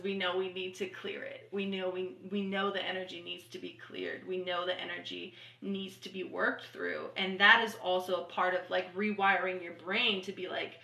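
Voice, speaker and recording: A woman talking casually to camera about spiritual healing, earnest and rambling, swearing freely and repeating soft affirmations. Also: on the low side, level tone, normal speed, creaky, few pauses. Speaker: spiritual channeler and vlogger. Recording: echoey room.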